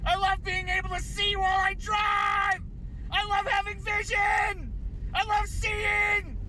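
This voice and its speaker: A man's voice: flat delivery, takes it slowly. A man screaming sarcastically while driving blind through a storm, caught in a phone video. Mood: frantic sarcastic. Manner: high frantic sarcastic shouting. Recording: phone video, far from mic, road noise.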